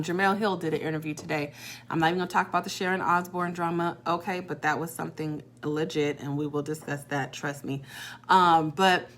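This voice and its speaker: Animated middle-aged woman, casual live-stream host, quick asides and laughs. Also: lowish voice. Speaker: host of a live parenting chat. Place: her salon suite.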